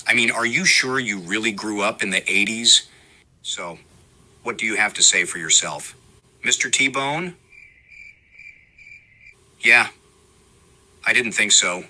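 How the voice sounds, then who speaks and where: A man's voice: on the low side, sharp tone. A man doing a comedy impression of a rock singer who rants and scolds in mock outrage. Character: rock singer ranting at a podcast guest.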